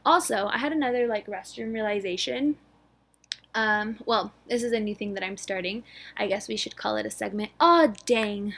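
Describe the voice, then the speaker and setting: A woman in her twenties hosting a casual solo podcast, bubbly and rushed, with lots of filler words and a slightly breathless delivery. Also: medium pitch, creaky, a bit bright. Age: 20s. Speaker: podcast host.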